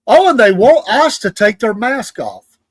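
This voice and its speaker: Male co-host, indignant and chuckling, slightly high voice, dry close recording. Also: big pitch swings, unhurried, husky, no room sound. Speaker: show co-host. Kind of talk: casual political chat.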